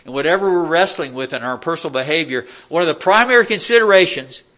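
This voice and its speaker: A man's voice: a little high, animated, fast talker, bright, forceful tone. A man preaching a verse-by-verse sermon in a conversational way, with rhetorical questions and dry sarcastic asides. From United States. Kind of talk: expository sermon.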